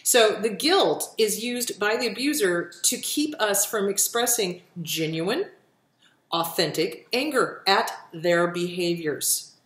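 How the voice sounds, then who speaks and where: A woman's voice: mid-range voice, expressive, slow pace, fairly bright tone, reverberant. A woman hosting a question-and-answer show, answering viewer questions with blunt, profane, emphatic advice. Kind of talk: casual advice talk.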